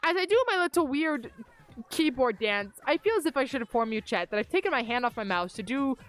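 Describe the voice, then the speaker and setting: A woman's voice: high-pitched, expressive, brisk. Chatty young woman streaming a game. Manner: rambling, self-deprecating, chatty. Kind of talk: casual gaming livestream chat. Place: upstairs bedroom at home. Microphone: desk mic on a mic arm.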